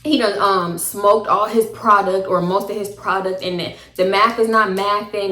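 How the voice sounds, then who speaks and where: A young woman telling a personal story to camera in a casual, slangy, animated way. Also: medium pitch, normal speed, hardly any pauses. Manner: animated, slangy, acts out both sides of arguments. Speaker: storytime vlogger. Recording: echoey room.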